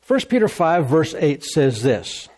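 A man's voice: a little high, sing-song, unhurried, darkish tone. A man preaching a sermon as a pastor, in a conversational tone, repeating phrases and asking the congregation "Amen?".

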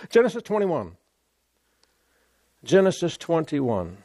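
A man preaching a sermon, emphatic and repetitive, stumbling over repeated words and breaking into laughter and loud exclamations. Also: fairly high pitch, wildly swooping pitch, a little slow, no room sound.

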